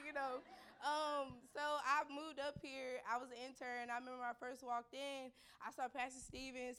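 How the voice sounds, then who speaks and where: A woman in her twenties telling a lively, animated personal testimony on a panel. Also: sits high, clean tone. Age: 20s. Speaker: panel speaker.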